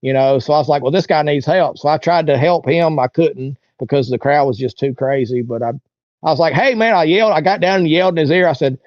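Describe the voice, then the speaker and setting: This interview guest speaks on the high side and fairly quickly, with a darkish tone. Casually recounting a story, he performs what other people said, captured in a dull, dry lo-fi recording with no room sound.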